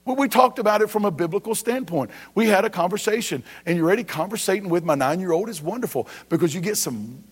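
A man's voice: sits high, animated, fast talker, hardly any pauses, slightly rough. A man in his thirties preaching as a pastor, building emphasis with rhetorical questions and casual asides. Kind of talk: sermon.

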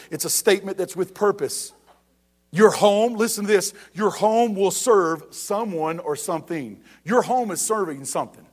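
A middle-aged man, a pastor preaching a sermon to his church, growing loud and emphatic on repeated questions. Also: high voice.

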